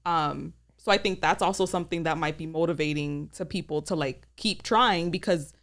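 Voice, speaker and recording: A woman's voice: low-pitched, normal speed. A woman in her thirties chatting casually as a podcast guest, telling stories with lots of "like" fillers and swearing. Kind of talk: casual chat.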